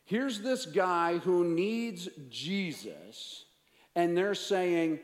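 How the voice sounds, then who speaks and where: A man's voice: high-pitched, animated, drawn-out words. Dramatic male pastor in a reverberant hall. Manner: dramatic, swings from hushed asides to raised emphasis; playful banter with volunteers. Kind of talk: sermon. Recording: long reverb of a large hall.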